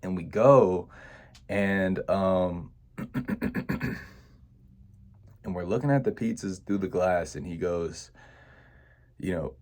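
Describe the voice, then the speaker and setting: A young man with a deep, low voice shares a personal story from his past. He talks in a reflective, unhurried way and leans on "you know" and small restarts as he recalls it. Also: darkish tone. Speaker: vlogger.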